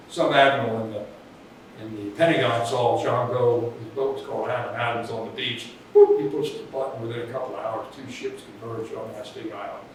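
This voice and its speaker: Man, casual storyteller, rambling delivery; distant mic in a very echoey space with clear background noise. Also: mid-range voice. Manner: rambling, restarts, chuckles at his own story. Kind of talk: casual anecdote.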